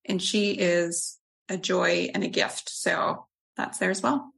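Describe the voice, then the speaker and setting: A woman's voice: fairly low pitch, steady tone, slow pace, vocal fry, a bit bright. A woman on the program team describing a bonus in an easy, praising way. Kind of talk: casual chat.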